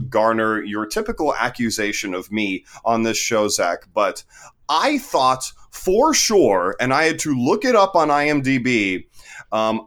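Deadpan guy cohosting a movie podcast, lowish voice, dry jokes. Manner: deadpan, joking. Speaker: podcast co-host. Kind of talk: casual film review chat.

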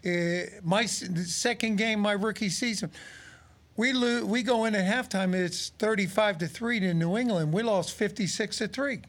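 A man in his sixties with a noticeably high voice talks football in a relaxed studio chat. He is a former pro player turned radio analyst, and he tells his stories with lively acted-out quotes. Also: normal speed. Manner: animated storyteller, acts out quotes. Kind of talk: casual sports talk.

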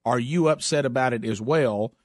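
A man's voice: mid-range voice, moderate pace, a little mellow, dry recording, studio quality. A man hosting a political talk show, speaking emphatically and often repeating words as he starts a thought. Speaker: talk radio host.

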